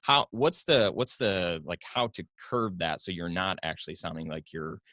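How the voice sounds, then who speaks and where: A man's voice: low-pitched, expressive, normal speed, pushed and bright, no echo, studio quality. A man hosting a podcast, asking a guest a question hesitantly with restarts. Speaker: podcast host. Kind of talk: casual interview. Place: studio.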